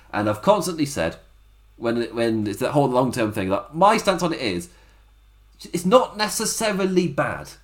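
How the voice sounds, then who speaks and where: A man giving a chatty, rambling spoken recap of a wrestling show, laughing often and acting out quotes. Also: mid-range voice.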